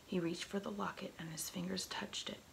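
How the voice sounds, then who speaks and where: A woman reading a novel aloud in soft, slow whispered role-play, close to an ASMR microphone. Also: lowish voice, steady tone, creaky, low-quality recording. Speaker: ASMR reader. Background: faint heater hum.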